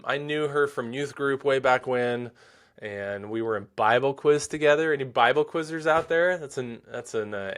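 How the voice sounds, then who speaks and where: A man in his forties, the founder of a site, chatting casually while reading out and answering viewer questions, self-deprecating and quick to laugh. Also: mid-range voice, fairly bright tone. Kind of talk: casual livestream Q&A.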